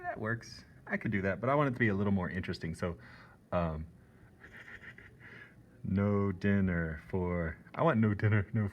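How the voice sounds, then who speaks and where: A man's voice: fairly low pitch, lo-fi sound, slight background noise. A man teaching an art lesson in a playful, chatty way, laughing often. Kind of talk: classroom video lesson.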